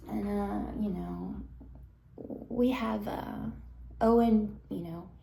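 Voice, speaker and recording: Gravelly woman rambling thru a story, lots of "you know"s, half whispering bits, echoey room w faint hum behind. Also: mid-range voice, fairly even intonation, dark tone. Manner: halting, with frequent fillers and restarts. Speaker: storyteller recounting a dream. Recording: roomy echo.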